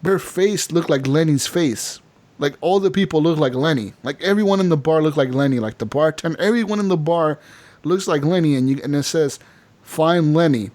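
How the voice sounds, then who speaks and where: A man's voice: on the high side, a little fast. A young man co-hosting a casual gaming podcast, telling a story with lots of laughter and acting out the characters' lines. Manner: animated storyteller, acts out characters, laughs often. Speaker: podcast co-host.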